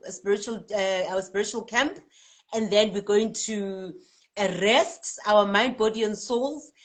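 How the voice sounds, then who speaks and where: A South African woman hosting a live spiritual card-reading stream, reading out viewers' comments in a lively, chatty way and laughing often. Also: mid-range voice. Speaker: spiritual healer and card reader.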